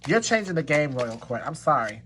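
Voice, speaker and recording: A man's voice: a little high, very animated, a little fast, very noisy. Emphatic man giving a tarot reading. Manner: emphatic and repetitive, reassuring the listener; slips into laughter and exclamations. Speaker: tarot reader. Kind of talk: pick-a-card tarot reading to viewers.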